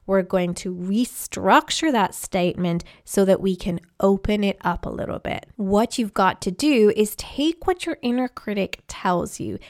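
A woman's voice: medium pitch, lively intonation, measured pace, hardly any pauses. A woman hosting a self-help podcast, explaining in an encouraging way and acting out little quotes of self-talk. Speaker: podcast host.

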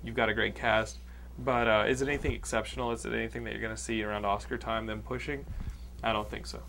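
A man's voice: on the low side, little pitch movement, fast talker, creaky, a bit bright, a little hiss or hum. A man from Texas hosting a podcast, chatting loosely about a movie with many fillers and a profane streak. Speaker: podcast host. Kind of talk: casual chat, movie review.

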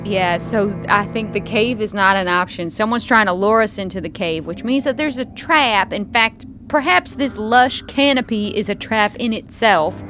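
A woman playing a tabletop game, animated and theatrical, often laughing. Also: medium pitch, moderate pace, hardly any pauses, soft background music. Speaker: player.

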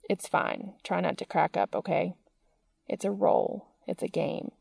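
Woman voicing a soft, commanding young man. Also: on the low side, steady tone, unhurried, vocal fry, husky, no echo, heavily acted. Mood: low coaxing. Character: dominant young man, tender and teasing.

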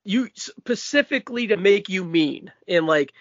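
High-voiced Massachusetts man hosting. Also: lively intonation, no echo. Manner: brash, profane, quick asides. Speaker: podcast host. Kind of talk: casual wrestling podcast chat. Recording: dull dry lo-fi audio.

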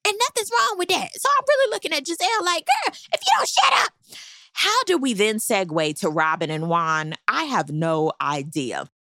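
A woman casually recapping a reality show with sassy, animated commentary and high squealing reactions. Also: normal speed, few pauses, no echo, studio quality.

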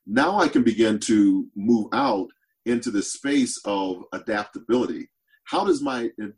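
A man's voice: on the low side, rough recording. A man speaking as a podcast guest, earnest and reflective, often repeating words as he thinks aloud. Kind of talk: reflective interview talk.

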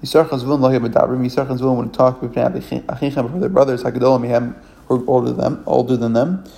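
A man's voice: medium pitch, fairly even intonation, fast talker, vocal fry, dark tone. A man teaching a religious text, reading each verse aloud and then translating it phrase by phrase, with frequent fillers and self-corrections. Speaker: Torah teacher.

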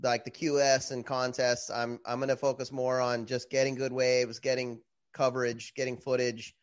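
A man's voice: medium pitch, level tone, normal speed. A man hosting a podcast, talking in an easygoing, rambling, hesitant way. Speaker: podcast host. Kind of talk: casual podcast chat.

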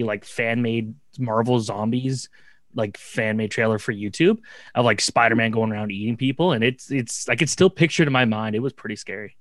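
A man's voice: mid-range voice, dry recording. Blunt, jokey man on a podcast. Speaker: podcast panelist. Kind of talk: casual chat.

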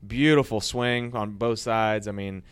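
A man, a former baseball pitcher, telling rambling anecdotes in a casual interview, growing lively as he retells old stories. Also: unhurried, clear, resonant tone.

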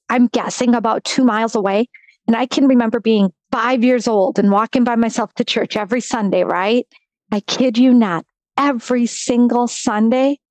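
A middle-aged woman from Wisconsin shares her faith testimony as a podcast guest, emphatic and animated as she plays out her past words. Her voice sits a little high. The recording is close and dry with no room sound. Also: no echo, poor audio. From Wisconsin, USA.

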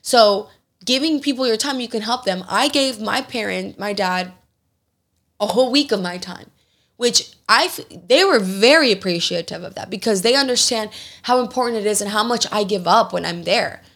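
A woman's voice: medium pitch, moderate pace. A young adult woman hosting a podcast, speaking casually and animatedly, acting out the people in her stories and swearing freely. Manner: animated storytelling, acts out quoted people. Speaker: podcast host.

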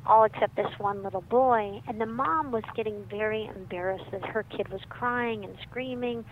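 A middle-aged woman, a psychiatrist and author, telling stories in a lively, animated way as a guest. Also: medium pitch, creaky. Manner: lively, animated storyteller who laughs often. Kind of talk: storytelling in a conversation. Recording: muffled with faint background noise.

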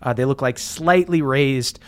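A man narrating a tabletop game as game master, describing scenes in a relaxed way with lots of "um" and "like". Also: medium pitch, measured pace.

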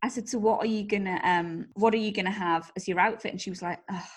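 A woman's voice: medium pitch, steady tone, quick pace. A woman co-hosting a podcast, chatting and passing on listener messages. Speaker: podcast co-host. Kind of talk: casual chat.

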